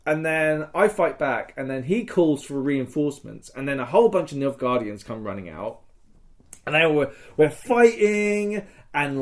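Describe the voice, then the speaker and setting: A man co-hosting a podcast, telling a battle story in casual chat, acting out the quotes and swearing freely. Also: mid-range voice. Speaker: podcast co-host.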